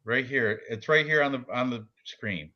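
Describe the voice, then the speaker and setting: A man's voice: mid-range voice, normal speed, lo-fi sound. A man in his forties chatting casually about fight picks as a podcast co-host, joking and laughing often. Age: 40s. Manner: joking, laughs often, does silly voices.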